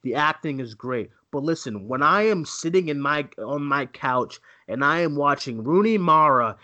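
A man's voice: a little high, moderate pace. A man co-hosting a casual movie podcast, ranting and mimicking voices as he talks. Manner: animated, ranting, mocking voices. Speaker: co-host.

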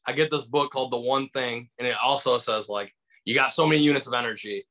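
A man from Michigan, a comedian, telling a story in casual conversation with lively acted-out voices and lots of fillers. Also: mid-range voice, fast talker. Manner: animated, acts out voices in anecdotes, many fillers. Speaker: stand-up comedian guest.

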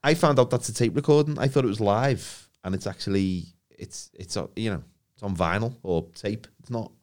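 A man's voice: lowish voice, normal speed, darkish tone. A man, co-hosting a podcast in jokey, casual chat. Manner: jokey, swears freely, laughs a lot. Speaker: podcast co-host.

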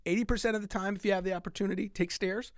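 A middle-aged man hosting a fitness podcast in a casual monologue, animated, laughing often and dropping into soft asides. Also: high voice, very fast, no room sound, studio quality.

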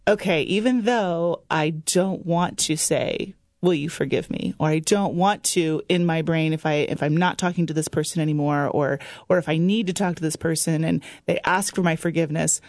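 A middle-aged woman who is a guest on a faith-based radio talk show, speaking in a chatty, warm way and laughing often. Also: low-pitched, dry recording, studio quality. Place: radio studio.

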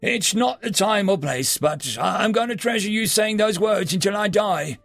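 A man doing a gruff, loyal young warrior. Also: high-pitched, lively intonation, normal speed, fairly bright tone, dry recording, soft background music, pitched above the performer's own voice, exaggerated voice.

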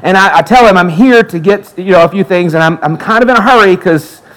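This pastor's high-pitched voice moves briskly as he preaches, telling a story from his own life and acting out others' quotes with lively animation. It's a low-quality recording.

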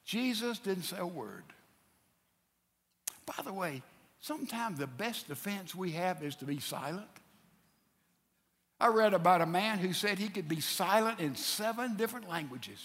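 A man preaching a sermon in a high, bright, forceful voice. He tells the story with animation and acts out its characters. His voice rings with the long reverb of a church hall. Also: expressive, measured pace, long pauses.

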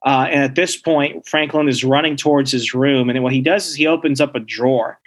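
A man co-hosting a podcast, casually recapping a comic book story with lively storytelling and quick bits of acting out the characters. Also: medium pitch. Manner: animated storytelling, acts out characters' lines. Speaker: podcast co-host.

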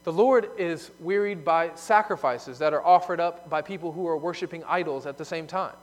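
A man preaching a sermon, explaining a scripture passage and moving between emphatic loud points and quiet asides. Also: fairly high pitch, moderate pace. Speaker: pastor. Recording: long hall reverb.

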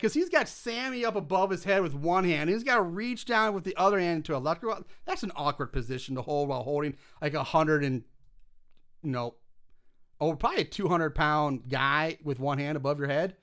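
A man casually recapping a film's plot on a podcast, acting out the characters' lines as he goes, with lots of "like". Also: high voice. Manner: animated storytelling, acts out characters' lines, lots of "like". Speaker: podcast co-host recapping a film. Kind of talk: casual movie recap chat.

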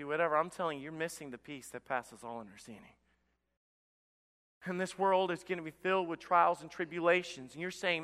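Impassioned high-voiced pastor preaching. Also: male voice, fairly quick, sharp tone, clear, resonant tone, long reverb tail. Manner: impassioned, repetitive stammering restarts. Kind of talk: sermon.

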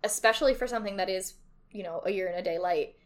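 A woman co-hosting a podcast in casual chat, blunt and dry with quick quips. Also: mid-range voice. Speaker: podcast co-host.

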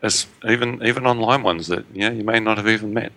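Deep, bright-toned man co-hosting. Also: fast talker, dry recording. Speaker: podcast co-host. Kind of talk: casual chat.

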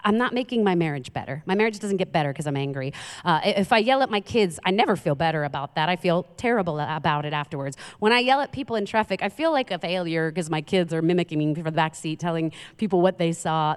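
A woman in her thirties giving a conversational sermon as a pastor, often asking the audience questions. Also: on the low side. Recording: reverberant hall.

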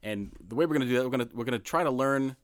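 A man's voice: mid-range voice, rapid-fire, no room sound. Easygoing man co-hosting a podcast. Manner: easygoing, laughs at himself. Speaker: podcast co-host. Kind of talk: casual chat.

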